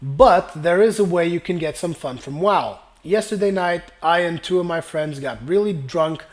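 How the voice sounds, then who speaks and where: A man's voice: a little high, normal speed. A young man hosting a gaming channel, casually reading viewer comments aloud and answering them while his voice is wearing out from a dry throat. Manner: casual, rambling, reads comments aloud then responds.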